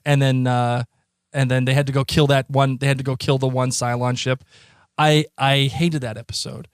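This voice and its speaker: A man with a Boston accent, co-hosting a podcast in a rambling, excitable casual chat. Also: mid-range voice, moderate pace, smooth, no room sound, clean studio sound. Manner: rambling, excitable, many restarts. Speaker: podcast co-host.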